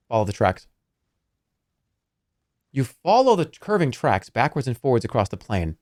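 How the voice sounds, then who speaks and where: A male streamer who narrates the game's prose with a very animated pitch and breaks off playfully to comment. The sound is close and dry. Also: normal speed, pauses often, no room sound. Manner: lively, playful and expressive. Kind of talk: reading game text aloud and commenting.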